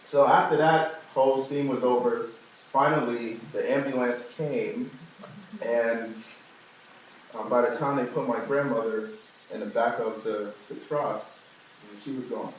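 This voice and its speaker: A young man from New York gives a personal testimony to a live audience, telling a family story full of humorous asides and animated rises in pitch. He speaks at a measured pace with frequent pauses. The recording is very echoey and distant, with slight background noise.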